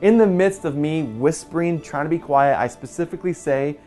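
A man in his forties, a pastor, telling an earnest personal story in a quiet, soft-spoken way. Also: fairly high pitch, moderate pace. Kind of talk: personal testimony in a church video. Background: soft guitar music.

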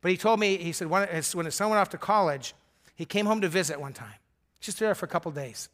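A man's voice: sits high, fast talker, fairly bright tone. A middle-aged male pastor preaching a sermon in an earnest, emphatic way.

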